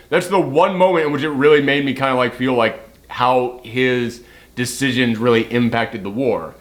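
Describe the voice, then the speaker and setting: A man talks casually through a film review, rambling and leaning on fillers. His voice sits at an ordinary middle pitch. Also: normal speed. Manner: chatty, rambling with many fillers.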